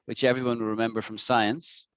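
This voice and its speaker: A man teaching an online English lesson, patiently repeating words slowly for his students to practice. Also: medium pitch, level tone, a bit bright, no echo. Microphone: video call.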